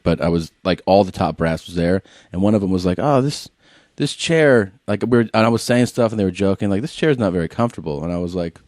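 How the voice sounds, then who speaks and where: Podcast co-host, man with a very low voice, rambling casual chat, dry close mic. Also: darkish tone, no echo. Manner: rambling, filler-heavy storytelling.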